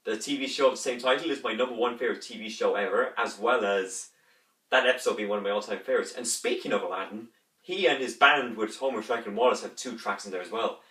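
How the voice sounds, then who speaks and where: A man talks through an unboxing in a rambling, excited way, humming and thumping out instrument parts as he goes. He sits well back from the mic in a room with a roomy echo. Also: fairly low pitch, fast, far from the mic. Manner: enthusiastic, rambling, imitates instruments with his voice. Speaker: music reviewer.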